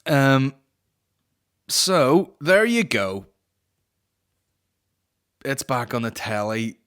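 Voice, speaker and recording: A man's voice: medium pitch, sing-song, very slow, fairly bright tone, smooth. A man hosting a comedy podcast, ranting crudely and mocking, slipping into voices of the people he talks about. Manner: sweary, mocking, acts out voices. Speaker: podcast host.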